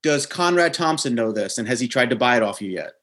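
A man hosting an interview, chatting casually and asking quick questions. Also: mid-range voice, lively intonation, a bit bright. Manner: friendly, laughs easily, asks quick questions. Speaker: podcast host.

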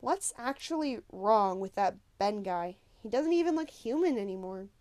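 A woman's voice: mid-range voice, animated, moderate pace, a little mellow, dry recording, lightly acted. A woman voicing a wary, frustrated teenage boy who keeps asking questions. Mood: suspicious.

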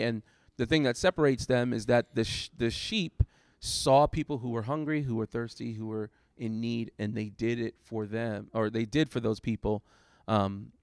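This man speaks with a gravelly, medium-pitched voice, recorded in clean studio sound without room noise. As a guest preacher, he casually recounts a sermon he delivered, mulling it over with many fillers and false starts.

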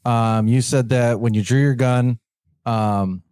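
A man's voice: medium pitch, fairly even intonation, takes it slowly, a little mellow, clear, resonant tone, no room sound, studio quality. A man hosting a podcast interview, cutting in to steer the guest back to an earlier point. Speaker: podcast host. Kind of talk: interview questioning.

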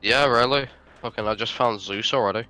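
A man's voice: medium pitch, a little fast, bright, forceful tone, faint music behind. A man in casual online chat, swearing and bantering with friends over a voice call. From Britain.

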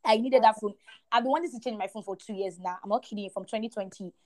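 A young adult woman co-hosting a podcast, sharing a faith testimony in an animated, emphatic way with a lot of repetition. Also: mid-range voice, fast. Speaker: podcast co-host.

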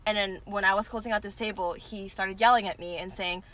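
Fast-talking woman telling a work story. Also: medium pitch. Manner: animated anecdote with quoted dialogue. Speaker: server. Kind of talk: casual storytelling.

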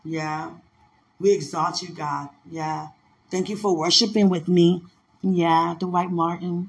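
High-pitched dc guy on a stream, laughy, animated, drops into little voices. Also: moderate pace. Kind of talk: casual storytelling chat.

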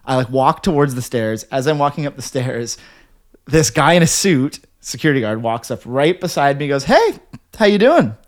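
A man's voice: medium pitch, normal speed. A man co-hosting a podcast, telling a rambling story in casual chat, full of "like" and restarts. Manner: rambling, heavy filler "like", animated retelling. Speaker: podcast co-host.

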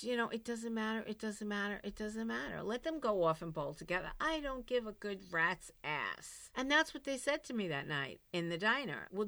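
A middle-aged woman hosting a recovery program, telling a personal story in a blunt, candid monologue with animated swings in loudness. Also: mid-range voice, dry recording. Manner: blunt, animated, swings into loud exclaims and laughs.

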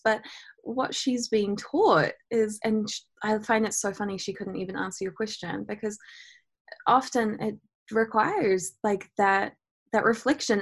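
A woman co-hosting a casual podcast conversation. She talks in a reflective way, says "like" often and reaches for playful analogies. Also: on the high side. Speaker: podcast co-host.

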